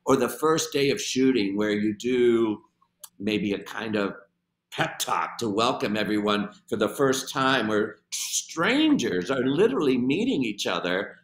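A man answering interview questions in a measured, thoughtful manner, often pausing and restarting as he works through an idea. His voice sits at an ordinary pitch. The recording is roomy, with a clear echo around him. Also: lively intonation. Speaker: guest, director. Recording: roomy echoey sound.

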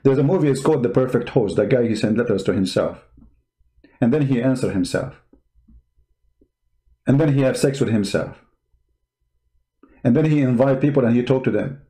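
A man's voice: medium pitch, normal speed, long pauses, mellow. A man giving mocking, emphatic commentary on video clips as a show host.

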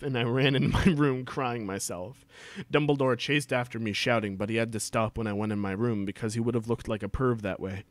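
A man's voice: mid-range voice, normal speed, no echo. A man reading a story aloud for laughs, breaking off for mocking asides and laughing a lot. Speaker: reader. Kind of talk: comedic dramatic reading with asides.

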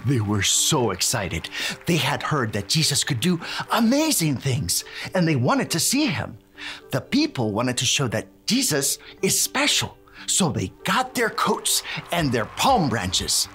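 A performer playing Luis, a bouncy, slow-talking handyman. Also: mid-range voice, a bit bright, full character voice. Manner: sprinkles in Spanish words, bouncy and encouraging. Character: cheerful male handyman who leads kids. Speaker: children's story presenter. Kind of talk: children's Bible lesson.

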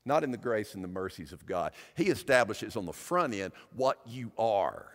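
A man preaching a sermon as pastor, emphatic, building up and dropping back in loudness. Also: lowish voice, animated, moderate pace. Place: church sanctuary. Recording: long church-hall reverb.

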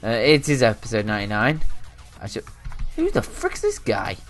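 A young man talks through his own game as he plays, his fairly low voice leaping up in excited yells and dropping to mumbled asides. Faint game music plays behind him on a home desk mic. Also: measured pace. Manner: excitable, swings between loud outbursts and muttering asides. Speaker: gaming channel host. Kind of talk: live gameplay commentary.

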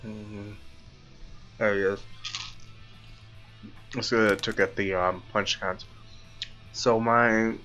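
A man's voice: fairly low pitch, a bit bright, dull audio. A man casually chatting as he plays a VR boxing game and eats pizza, easygoing and full of fillers. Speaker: gaming vlogger. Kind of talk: casual commentary over VR boxing.

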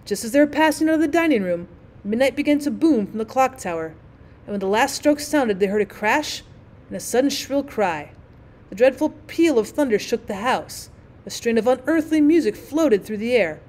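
A woman's voice: on the high side, animated, normal speed, darkish tone. A woman teacher narrating a classic short story as an audiobook, reading steadily and expressively.

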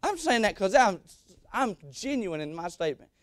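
A man's voice: high-pitched, very animated, normal speed, dry recording. A young man preaching a sermon as a guest preacher, emphatic and repeating his lines. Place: church sanctuary.

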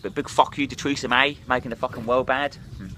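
A man's voice: medium pitch, fairly even intonation, fast talker, background noise. A hungover man, ranting and swearing bluntly in a rambling vlog monologue while drinking. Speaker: drinking vlogger.

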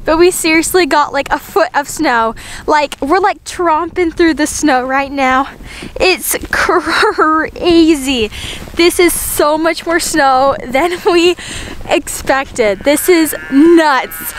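A woman's voice: sits high, slow pace, slight background noise. A woman vlogging outdoors in the snow on a homestead with a handheld camera, bubbly and exclamatory, laughing often. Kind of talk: casual vlog narration.

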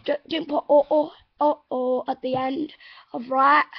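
A woman's voice: sits high, level tone, unhurried, muffled recording. An Australian woman hosting a casual homemade accent lesson, chatty and stumbling over her words. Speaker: video host teaching an accent.

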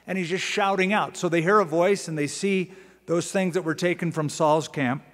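Guy pastor preaching in a big church, kinda high voice, long echo, chatty and animated. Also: normal speed. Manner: animated storytelling, asides and dramatic readings. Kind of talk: expository sermon teaching. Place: large church sanctuary. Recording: long church-hall reverb.

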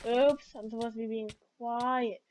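A woman giving chatty, excitable commentary while playing a game, talking back to it as she goes. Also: on the high side, a little slow. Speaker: let's play gamer.

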